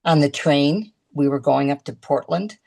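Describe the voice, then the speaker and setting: A woman talking as a guest in a casual video-call chat, chatty and halting, restarting her sentences often. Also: low-pitched, vocal fry, a little mellow.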